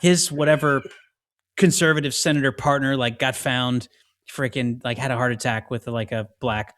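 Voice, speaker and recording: A man co-hosts a casual movie podcast, eagerly retelling favorite scenes. His speech is slangy and animated as he recounts the story. The voice itself sits at an ordinary middle pitch. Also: normal speed, no echo, studio quality. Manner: enthusiastic storytelling, slangy, acts out quotes. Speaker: podcast co-host.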